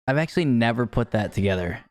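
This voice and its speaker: A man's voice: mid-range voice, expressive, fast talker. A young man co-hosting a casual podcast chat, laughing often and trailing off mid-sentence. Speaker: podcast co-host.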